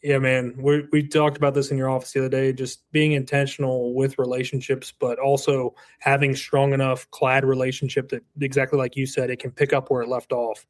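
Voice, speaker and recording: A man in his thirties, a roofing business owner, chatting as a podcast guest in an earnest, animated way with frequent restarts. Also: mid-range voice, a little fast, few pauses, dry recording. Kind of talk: casual podcast chat.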